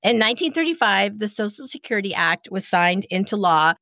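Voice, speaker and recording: A woman's voice: medium pitch, animated, brisk, sharp tone, dry recording. A woman co-hosting a casual history podcast, chatty and informal. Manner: chatty, uses "you know" often. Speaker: podcast co-host.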